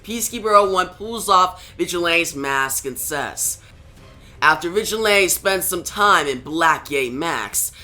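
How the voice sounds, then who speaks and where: A man's voice: fairly high pitch, expressive, unhurried, bright, forceful tone, soft background music. A man narrating a comic book plot recap in a plain, matter-of-fact way, with small slips.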